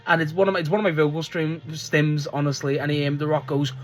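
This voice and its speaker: The host of a wrestling fan page, rambling casually and excitably, swearing freely and often restarting sentences. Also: medium pitch, quick pace, faint music behind.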